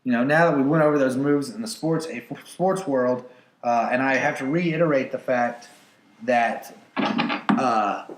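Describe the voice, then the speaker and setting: A man in his twenties co-hosting a casual podcast, bantering in a deadpan, mock-boastful way. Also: medium pitch, a little slow, noisy background. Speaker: podcast co-host. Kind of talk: casual joking chat. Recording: echoey room.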